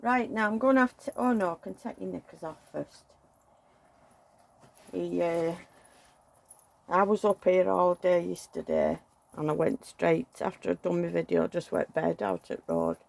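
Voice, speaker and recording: A woman's voice: on the low side, moderate pace, vocal fry, a little mellow. A middle-aged woman, chatting and venting emotionally while dressing a doll at home. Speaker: doll collector vlogger.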